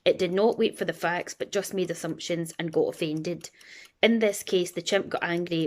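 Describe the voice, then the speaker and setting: A Scottish woman in her thirties talks in a loose, chatty way, wandering from one example to the next. Her voice sits a little low, and she slips into quick impressions of the people she mentions. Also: darkish tone. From Scotland. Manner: chatty and rambling, acts out quoted voices. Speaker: vlogger. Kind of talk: casual chat.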